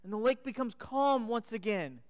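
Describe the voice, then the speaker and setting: High-voiced man preaching in a reverberant church. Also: expressive, moderate pace, clear, resonant tone. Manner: dramatic retelling, dropping to a hush for the climax. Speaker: pastor. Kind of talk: sermon storytelling. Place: church sanctuary. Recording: church sanctuary with long reverb.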